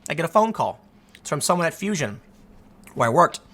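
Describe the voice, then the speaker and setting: A man in his thirties giving casual, sarcastic commentary and telling stories in an animated, mocking way. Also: on the high side, brisk, breathy edge.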